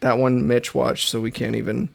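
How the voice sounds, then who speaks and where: A man's voice: mid-range voice, little pitch movement, normal speed, vocal fry. A man running a casual TV-show quiz with a friend, teasing, laughing a lot and swearing now and then. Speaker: podcast co-host running a TV quiz. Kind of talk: casual chat.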